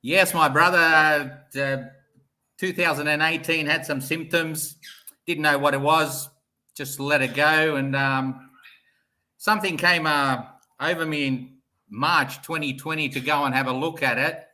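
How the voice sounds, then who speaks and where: A man's voice: on the high side, fairly even intonation, a little slow, sharp tone. A middle-aged man with an Australian accent, a guest on a live show, talking bluntly and matter-of-factly. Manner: blunt, matter-of-fact, says "mate". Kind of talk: casual chat.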